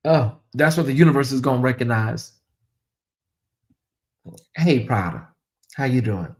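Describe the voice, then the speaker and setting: A woman's voice: extremely low pitch, lively intonation, unhurried, a little mellow. A woman hosting a livestream commentary show, talking bluntly and preachily to her viewers and swearing freely. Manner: addresses viewers directly. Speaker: commentary channel host.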